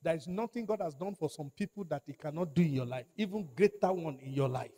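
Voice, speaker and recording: A pastor gives an emphatic sermon, repeating phrases and calling for the congregation to respond. He speaks quickly with lively intonation, in a fairly high voice with a dark tone.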